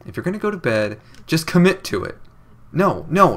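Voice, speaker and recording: This young man has a fairly high, sing-song voice with a fairly bright tone, speaking at normal speed. He does casual let's play commentary in a sarcastic, jokey way, reading the game's dialogue aloud with odd inflections.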